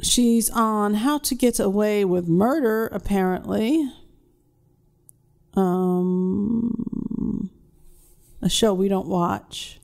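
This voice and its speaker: A woman's voice: medium pitch, extremely slow, creaky, long pauses, darkish tone. A woman co-hosting a casual podcast, chatty, sometimes reading out facts. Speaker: podcast co-host. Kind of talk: casual chat.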